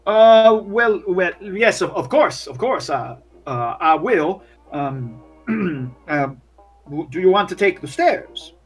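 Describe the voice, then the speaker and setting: A man's voice: high-pitched, expressive, takes it slowly, slightly rough, faint music behind, exaggerated voice. A man doing Fred, a stammering, nervous bellhop. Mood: flustered. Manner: stammers and apologizes constantly.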